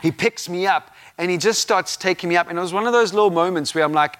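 A man delivers a sermon in a fairly high voice. He tells a personal story in an animated way, acting out his own reactions with bursts of laughter. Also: fast, few pauses, clear, resonant tone. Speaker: preacher.

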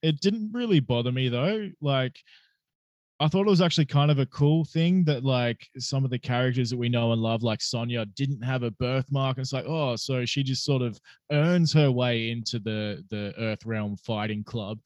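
A young Australian man chats on a podcast in a loose, easygoing way, swearing and laughing often. His voice sits at an ordinary pitch. The sound is dry and a little dull. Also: moderate pace, a little mellow, no room sound. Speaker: podcast host. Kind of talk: casual chat.

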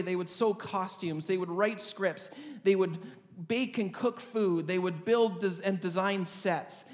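A high-pitched man preaches through a funny, vividly told story, as a pastor addressing his congregation. His voice rings out with a long reverb, as if recorded in a large hall. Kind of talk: storytelling sermon.

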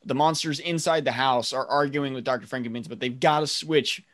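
A man's voice: mid-range voice, fairly even intonation, fairly quick, a bit bright, dry recording, clean studio sound. A man co-hosting a podcast, steadily walking through a recap in casual chat with many fillers. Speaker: podcast co-host.

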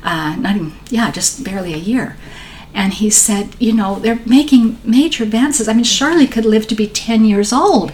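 A woman's voice: on the high side, moderate pace, few pauses. Woman in her sixties, rambling and heartfelt. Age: 60s. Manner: warm, emotional, rambling storyteller. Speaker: guest. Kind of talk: conversational interview.

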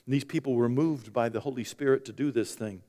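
A man's voice: medium pitch, fairly quick, dark tone, in a large hall. A man preaching a sermon in a conversational way, with joking asides to the congregation. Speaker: pastor.

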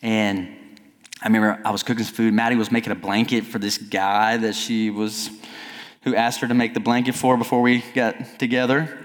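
A middle-aged male pastor preaching a sermon in a conversational style, at times climbing to near-shouting. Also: lowish voice, level tone, normal speed. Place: church sanctuary. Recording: long reverb of a church hall.

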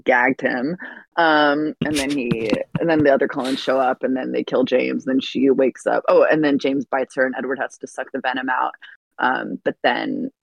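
A woman's voice: extremely low pitch, normal speed, vocal fry, husky, dry recording, low-quality recording. Enthusiastic woman retelling a story. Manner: enthusiastic, animated plot summary with frequent laughs. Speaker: podcast co-host. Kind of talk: casual podcast chat.

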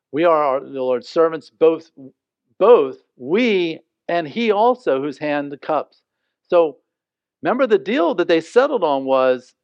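Guy preaching, kinda high voice, chatty and animated, dull dry sound. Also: no room sound. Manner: animated, explains scripture conversationally, acts out quoted lines. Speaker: pastor. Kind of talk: sermon.

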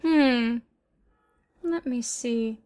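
A woman co-host talks in a high voice in loose, joking conversation. She gets animated and sometimes bursts into loud exclamations. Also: very slow. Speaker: podcast co-host. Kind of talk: casual chat.

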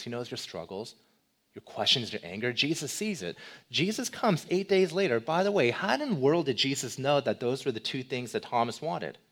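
Man preaching with swinging loudness. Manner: animated, swings between loud emphasis and soft low delivery; rhetorical questions to the congregation. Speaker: pastor. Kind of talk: sermon.

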